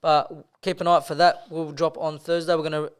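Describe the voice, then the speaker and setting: A man's voice: fairly high pitch, little pitch movement, a little fast, clean tone. A young man, co-hosting a podcast and telling rambling, sweary stories, laughing as he goes. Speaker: podcast co-host. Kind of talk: casual chat, storytelling.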